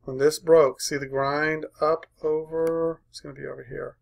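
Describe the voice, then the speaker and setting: A man's voice: a little high, flat delivery, moderate pace, creaky. A man coaching a live trading room, walking through a chart in short punchy phrases and checking in with "right?" after each point. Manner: walks through a chart aloud.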